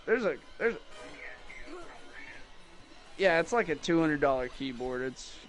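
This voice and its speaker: A young man who sells guitars, rambling through a mocking, animated story about rude customers in casual chat. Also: a little high, unhurried, faint music behind. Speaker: guitar salesman.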